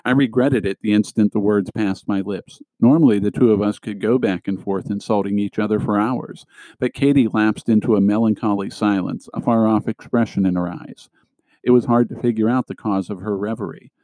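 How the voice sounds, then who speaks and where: A man narrates a novel in a fairly low, steady voice. He reads it as scripted narration and gives the characters small shifts in tone. The recording is dry and close, with almost no room sound. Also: brisk, no room sound, poor audio. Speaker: audiobook reader.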